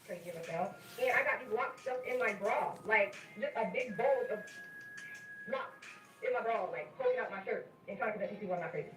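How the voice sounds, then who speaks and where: A woman telling a personal story in an animated, conversational way, often speaking straight to her listeners. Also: medium pitch, brisk, soft background music. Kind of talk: casual storytime narration. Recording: roomy, distant sound.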